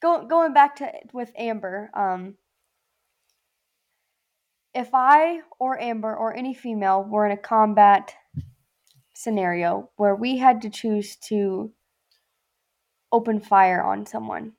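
A woman's voice: medium pitch, slow pace, long pauses, a little mellow, dull audio. A woman with a Southern accent, a former Marine and podcast guest, talking bluntly and with lots of swearing in casual chat. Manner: blunt, profane, emphatic.

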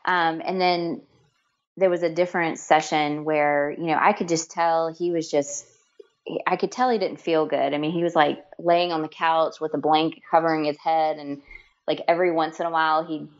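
Earnest lowish-voiced woman telling stories. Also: flat delivery, moderate pace, muffled recording. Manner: earnest, emotional, many restarts and fillers. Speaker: guest. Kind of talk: storytelling in conversation.

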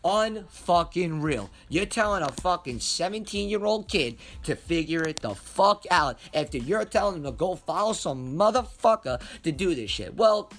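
A man telling a personal story in a casual, heavily profane and animated way. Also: a little high, moderate pace, hardly any pauses. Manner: animated, heavy cursing.

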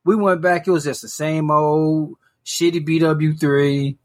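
A man's voice: fairly high pitch, steady tone, a little slow. A man co-hosting a podcast, telling stories in casual chat with lots of profanity and mimicry of people he met. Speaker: podcast co-host.

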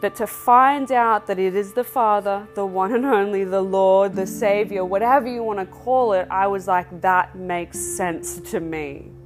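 A woman's voice: medium pitch, unhurried, hardly any pauses, music in the background. A woman hosting a podcast, telling her own faith testimony in a candid, emotional way. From Australia. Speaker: podcast host.

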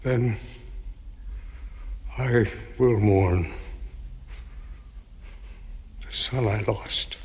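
An older man playing a weary, grave crime boss in a film drama, speaking in a slow, solemn pleading manner with a gravelly voice. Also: lowish voice, a little mellow. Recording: film audio with long reverb.

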